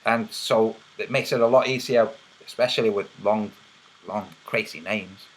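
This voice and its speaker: A man's voice: on the low side, normal speed, low-quality recording. A man hosting a livestream, casually reading chat and teasing viewers with a mocking, laughing manner. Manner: teasing, mocking, laughs at his own jokes.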